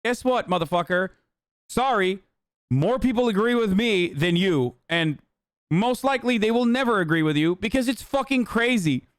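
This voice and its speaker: A man's voice: high voice, lively intonation, moderate pace, clear, resonant tone, dry recording. A young man streamer ranting heatedly and profanely in live-stream commentary, reading posts and mocking them.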